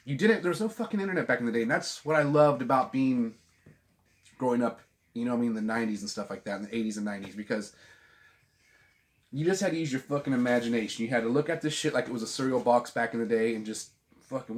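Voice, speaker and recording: A man's voice: mid-range voice, fast talker. A middle-aged man talks about records at home in a loose, rambling way. He swears freely and keeps breaking off and restarting his sentences. The sound comes from a camera mic on a tripod. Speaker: vinyl channel host. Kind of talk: casual chat about albums. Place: at home with a dog.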